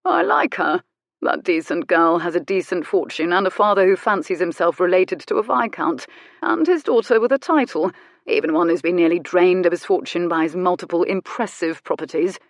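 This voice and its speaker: A woman's voice: fairly low pitch, animated, moderate pace, dry recording, clean studio sound. A woman reading an audiobook, voicing a smug, cruel aristocratic man in a self-satisfied, sneering manner. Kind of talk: audiobook character voice.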